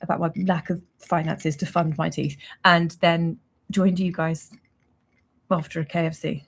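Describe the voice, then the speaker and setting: A woman's voice: lowish voice, little pitch movement, unhurried, breathy edge. A young woman hosting a casual livestream, chatting in a rambling, self-mocking way and laughing often. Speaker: livestream host.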